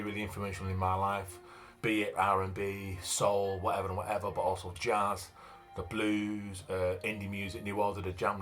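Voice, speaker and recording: Faint music plays behind a vlogger and author from Manchester, England, a man in his fifties with a broad Manchester accent. His voice is fairly low and a bit bright as he talks bluntly and plainly about himself, using many fillers.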